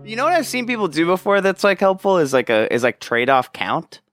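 A man's voice: sits high, big pitch swings, brisk, fairly bright tone, soft background music. A man hosting a casual podcast, rambling and self-deprecating, swearing offhandedly. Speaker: podcast host.

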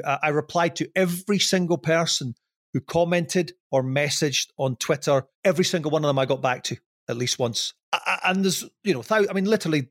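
A man's voice: a little high, dry recording, studio quality. A middle-aged man with a Scottish accent, speaking as a podcast guest in a candid, rambling, self-deprecating way with many restarts. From Scotland. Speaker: podcast guest, former TV presenter. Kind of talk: casual podcast interview.

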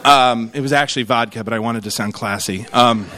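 A man's voice: mid-range voice, a little fast. A middle-aged man giving a humorous keynote speech, telling stories and acting out the people in them. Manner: animated storytelling, acts out quoted voices. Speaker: conference keynote speaker.

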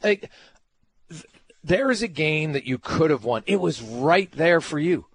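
A man's voice: a little high, expressive, a little slow, slightly rough. A man hosting a sports talk radio show, emphatic and ranting, firing off rhetorical questions.

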